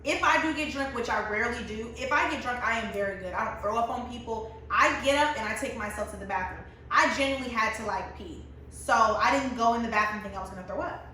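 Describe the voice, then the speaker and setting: Young woman in her twenties, casual storyteller, high-ish bright voice, roomy echo, off-mic. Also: quick pace, a little hiss or hum. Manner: animated, laughing often, acts out friends' lines. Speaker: vlogger. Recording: very echoey room, mic at a distance.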